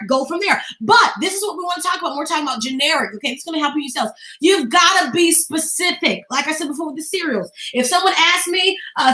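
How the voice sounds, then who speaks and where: A woman business coach giving an animated motivational talk, acting out quoted voices and often asking "okay?". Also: sits high, reverberant, rough recording.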